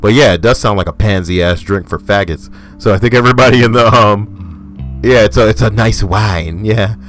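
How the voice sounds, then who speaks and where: A young man with a deep, low voice tears into crude comedic commentary. He is loud, profane and emphatic, and he rants at the listener while soft music plays underneath. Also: moderate pace. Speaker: host reading stories.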